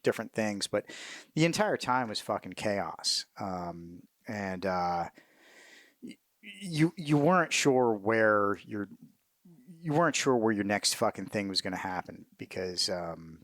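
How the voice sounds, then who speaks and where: Profane, animated middle-aged man storyteller. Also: lowish voice, unhurried, dry recording, studio quality. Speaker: interview guest, military veteran. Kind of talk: casual storytelling interview.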